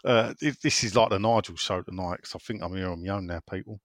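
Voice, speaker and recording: A man's voice: deep voice, fast. A man hosting a casual football podcast over a remote call, rambling, swearing and chuckling to himself. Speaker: podcast host.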